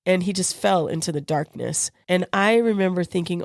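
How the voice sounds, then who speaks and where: A woman's voice: fairly low pitch, a little fast, no echo, clean studio sound. A woman co-hosting a podcast, telling a personal story in a casual way and acting out the voices of the people in it. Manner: lively storyteller who acts out the quoted voices of others. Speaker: podcast co-host.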